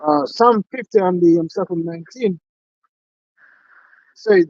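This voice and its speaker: A man's voice: high-pitched, measured pace, long pauses, a little mellow, no room sound, highs cut off. A man in a religious camp talk, reading scripture aloud in emphatic archaic wording. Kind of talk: preaching conversation with scripture reading.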